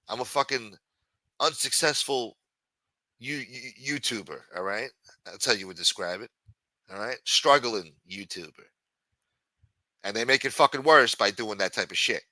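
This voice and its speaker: A male livestream host ranting in a profane, exasperated way. His voice is bright and forceful. It is recorded dry, with no room sound. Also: mid-range voice, no room sound.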